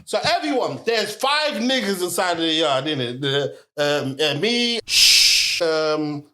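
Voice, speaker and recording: A young man spins a story on a casual podcast, dropping slang and breaking into laughter. His voice sits high, swoops about with wide range, and has a bright, forceful edge. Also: a little slow. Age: young adult. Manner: animated, laughing, heavy slang fillers. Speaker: podcast co-host.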